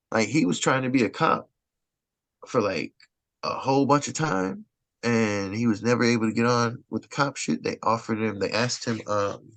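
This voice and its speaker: Gravelly man telling a story. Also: mid-range voice, no room sound. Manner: indignant, rambling retelling. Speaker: stand-up comedian guest. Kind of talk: casual storytelling in conversation. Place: Los Angeles.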